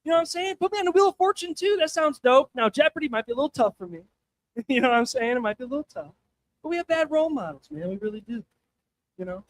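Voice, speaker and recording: On a comedy showcase stage, a young man with a very high voice performs a crude, self-mocking stand-up set, chatting casually with the crowd.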